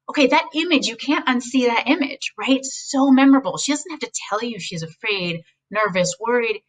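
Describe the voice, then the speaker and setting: A woman speaking as a guest, giving casual, animated advice on speechwriting and mimicking voices now and then. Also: on the high side, moderate pace, distant mic, low-quality recording. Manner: animated, acts out quoted voices, speaks frankly.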